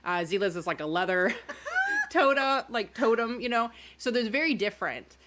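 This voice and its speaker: A woman co-hosting a podcast in casual chat, relaxed and often searching for words. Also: a little high, moderate pace. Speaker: podcast co-host. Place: in-person studio recording.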